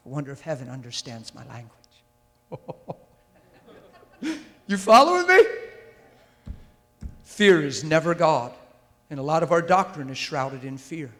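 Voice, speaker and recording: Speaking at a measured pace with frequent pauses, this preacher's slightly high, fairly bright voice is very animated. He delivers his sermon intensely and emphatically into a handheld or stand mic, repeatedly checking if the crowd follows him, while the big church hall adds a long reverb.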